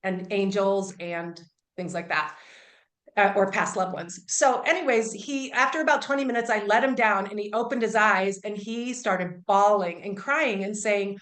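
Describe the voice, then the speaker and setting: A woman's voice: medium pitch, normal speed, fairly bright tone. A woman Reiki healer telling an earnest, emphatic story as an interview guest, often restarting her sentences. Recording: roomy echo.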